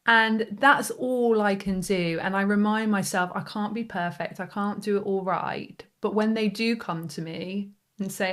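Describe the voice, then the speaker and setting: A thoughtful woman in her thirties hosts a candid conversation. She agrees readily and reflects, with an everyday middle pitch. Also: measured pace, few pauses, a bit bright. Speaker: podcast host. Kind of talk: casual heartfelt conversation.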